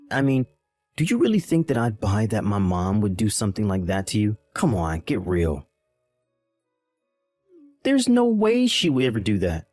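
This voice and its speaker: A man's voice: on the low side, darkish tone, dry recording. A man voicing a callous young husband in a text-message drama, irritated and condescending.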